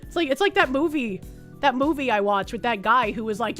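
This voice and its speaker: Casual woman streamer, high voice, salty and giggly while reading chat. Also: lively intonation, a bit bright, soft background music. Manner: profane, quick to laugh, reads chat messages aloud.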